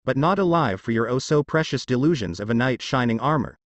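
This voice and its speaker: A man's voice: medium pitch, expressive, fairly quick, no echo, lightly acted. A man reading the part of a brash, vengeful young male ninja who growls threats and plays pranks. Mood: menacing.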